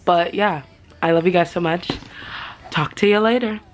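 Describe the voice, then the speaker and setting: A young woman vlogging about books she read, emotional and gushing, talking in quick excited bursts. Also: lowish voice, music in the background. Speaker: book vlogger. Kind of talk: casual reading vlog chat.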